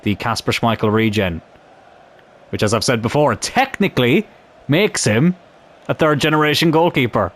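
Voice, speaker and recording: Animated young man commentating a football game. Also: medium pitch, moderate pace, pauses often. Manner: animated, chatty, swears mildly. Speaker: gaming YouTuber.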